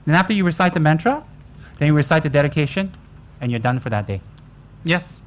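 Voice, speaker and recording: A man's voice: on the high side, expressive, brisk, slight background noise. A man giving a joking, colloquial dharma talk to retreat students. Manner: joking, teasing, colloquial asides. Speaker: Buddhist teacher.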